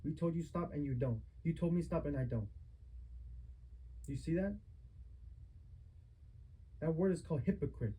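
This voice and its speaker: Man, adult son, heated family argument, lecturing, repetitive rhetorical questions, fairly high voice, raspy, phone recording. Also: animated, normal speed, long pauses, dark tone, poor audio. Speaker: adult son confronting his mother.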